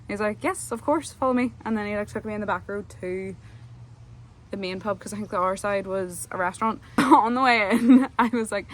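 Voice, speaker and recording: A woman's voice: medium pitch, fairly even intonation, a little fast. A young woman, telling a casual, rambling vlog story full of fillers. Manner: chatty, rambling, lots of fillers. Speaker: vlogger.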